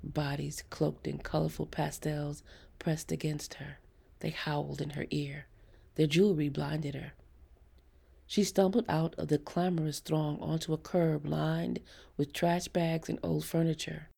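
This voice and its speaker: A woman reading a short story aloud as an audiobook narrator, in a husky, gravelly, half-whispered, hushed voice. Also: sits low, flat delivery, unhurried. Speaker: audiobook reader.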